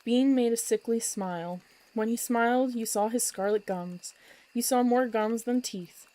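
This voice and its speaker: A woman storyteller reading a children's book aloud at bedtime with expressive, lively narration. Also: fairly high pitch, measured pace, rough recording.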